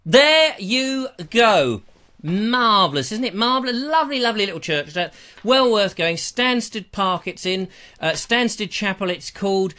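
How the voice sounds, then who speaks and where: A man's voice: high-pitched, lively intonation, moderate pace, pushed and bright. A middle-aged man hosting a live online show, chatting in a playful, theatrical way with teasing asides and repeated phrases. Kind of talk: rambling live-stream chat.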